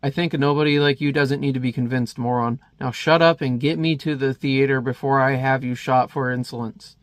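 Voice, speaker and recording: A man's voice: medium pitch, steady tone, fairly quick, dry recording, close to an everyday voice. A man reading a vain blustering security chief. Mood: arrogant. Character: vain cruel male security chief, arrogant.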